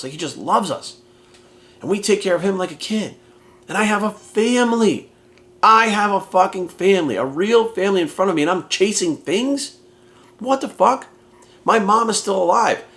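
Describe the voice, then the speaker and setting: A man's voice: high voice, fairly bright tone. Blunt, swearing man. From United States. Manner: blunt, heavily profane, emphatic. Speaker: fitness coach. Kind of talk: candid motivational monologue.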